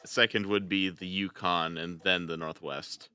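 A man co-hosting a casual podcast chat, playful and quick to laugh, sometimes stumbling over his words. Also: low voice, steady tone, pushed and bright, clean tone. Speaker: podcast co-host.

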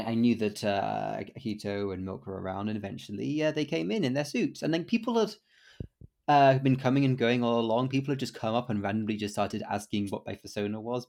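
Gravelly rambling man telling stories. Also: lowish voice, darkish tone. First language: English, some Welsh. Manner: rambling storyteller with many fillers and restarts. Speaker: podcast co-host. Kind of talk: casual podcast chat.

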